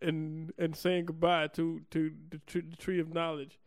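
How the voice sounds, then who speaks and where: A man's voice: a little high, completely flat delivery, moderate pace. A young man co-hosting a podcast in casual chat, giggling and making puns. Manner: giggly, punning. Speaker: podcast co-host.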